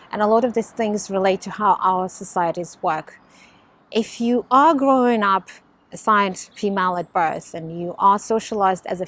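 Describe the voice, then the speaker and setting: A woman from Russia with a subtle Russian accent touched by Australian influence, talking casually to camera as a life coach in a candid, animated way. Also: medium pitch. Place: home in London.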